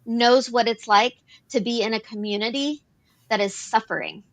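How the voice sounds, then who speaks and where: A woman co-hosts an advocacy talk show, earnestly explaining policy and repeating phrases as she works through her points. Her voice is a little high and a bit bright, and she speaks at a moderate pace.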